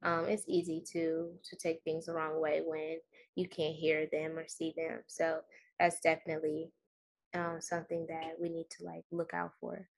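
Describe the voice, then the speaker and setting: A woman co-hosts a casual podcast from a separate room at home, sounding a bit weak as she recovers from being sick. Her voice is deep, monotone and creaky, and she talks at a moderate pace in a laid-back way, using fillers.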